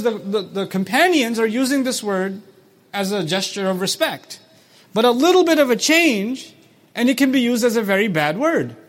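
A man lecturing on scripture, explaining words and quoting short Arabic passages, who asks his listeners questions and acts out quoted speech. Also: high-pitched. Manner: recites Arabic quickly between English explanations. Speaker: Quran teacher.

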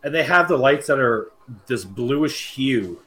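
A man's voice: medium pitch, expressive, a little slow, a bit bright. A man co-hosting a podcast, teasing his friend and swearing freely in casual banter. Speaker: podcast co-host.

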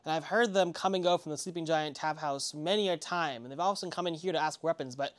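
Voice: mid-range voice, fast talker, lightly acted. Brief: earnest woman arms trader, good-hearted, formal, done by the game master. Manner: polite, slightly formal. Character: honest female arms and armor dealer.

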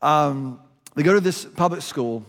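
Unhurried and a little high-voiced, a pastor delivers a conversational sermon, letting his voice rise and drop for emphasis. The long reverb of a large room surrounds him.

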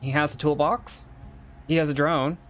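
Game master guy narrating, kinda high voice, lots of uhs, faint music under it. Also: steady tone, normal speed, a bit bright. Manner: hesitant, many fillers.

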